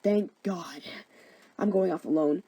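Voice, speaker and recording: A woman's voice: fairly low pitch, measured pace, dark tone, husky. A woman voicing Demetrius, an annoyed young man who brushes people off curtly. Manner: curt, dismissive.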